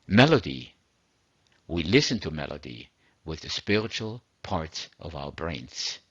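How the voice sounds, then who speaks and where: Male preacher, husky low voice, dry dull recording, measured earnest sermon read. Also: animated, a bit bright, no echo. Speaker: religious teacher. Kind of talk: scripted sermon narration.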